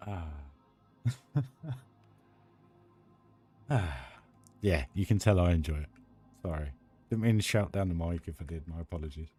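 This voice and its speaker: A man's voice: deep voice, measured pace, pauses often, mellow, breathy edge, faint music behind. A British man live-streaming a building game, chatting enthusiastically and rambling with restarts. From United Kingdom. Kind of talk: casual live-stream chat while building.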